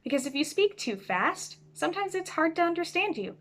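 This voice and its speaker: A bright, lively woman with a fairly high voice teaches a class over a video call. She speaks clearly and expressively, sliding her pitch up and down as she explains things. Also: moderate pace, hardly any pauses. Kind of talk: instructional talk to students.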